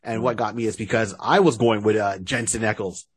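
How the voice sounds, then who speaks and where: A man co-hosting a podcast in casual chat, relaxed and agreeable. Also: lowish voice, fairly quick, very noisy. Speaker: podcast co-host.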